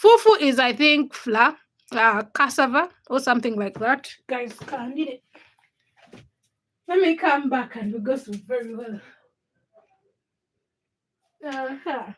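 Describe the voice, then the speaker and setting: Young female streamer, slightly high voice, chatty and giggly, casual live-chat delivery. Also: animated, measured pace, pauses often, a bit bright, low-quality recording. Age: young adult. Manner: chatty, laughs often, greets commenters by name. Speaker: livestream host.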